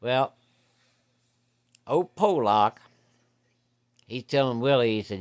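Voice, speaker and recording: A man's voice: medium pitch, lively intonation, takes it slowly, pauses often, clear, resonant tone. A man telling a hunting story in a folksy, profane, vivid way. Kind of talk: casual spoken storytelling.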